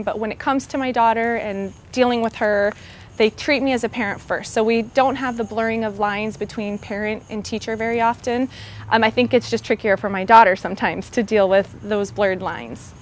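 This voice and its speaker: A woman's voice: medium pitch, a little hiss or hum. Woman, preschool teacher, interview answers, earnest, clip-on mic. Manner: earnest and heartfelt, with some hesitant fillers. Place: school campus. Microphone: clip-on microphone.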